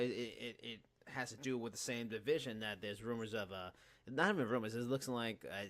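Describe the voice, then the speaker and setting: A podcast host with a fairly low, slightly bright voice chats casually with listeners. He's analytical, breaking down details and talking through them at length.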